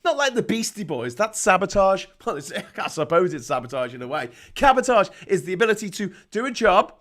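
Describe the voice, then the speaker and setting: A man's voice: high voice, big pitch swings, brisk, fairly bright tone. A middle-aged British man hosting a show, ranting angrily about politics with constant swearing and sarcastic mock voices. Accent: British English. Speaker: host of a livestream rant show. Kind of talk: angry political rant.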